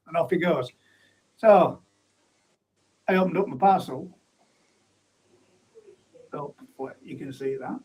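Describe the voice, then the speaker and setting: A man's voice: high-pitched, lively intonation, a little slow, pauses often, dark tone, slightly rough, poor audio. A man hosting a casual live stream, reading out viewer comments in a laddish, chatty way while getting over an illness. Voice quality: chatty and laddish, calls people mate and bud. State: recovering from illness. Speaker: host of a live pond chat stream. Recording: faint background noise.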